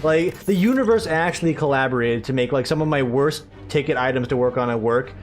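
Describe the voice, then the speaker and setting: An American man with a medium-pitched voice talks briskly through a casual let's-play, rambling and sarcastic and full of joking asides. Faint music plays behind him.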